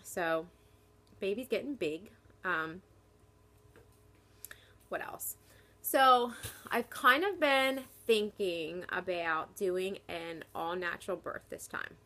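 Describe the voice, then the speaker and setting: A woman's voice: fairly low pitch, expressive, slow pace, long pauses, sharp tone. A young woman from New Jersey chatting casually in a pregnancy vlog, short of breath as she talks and filling her sentences with "like". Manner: chatty, lots of "like" fillers. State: short of breath while talking. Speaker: vlogger.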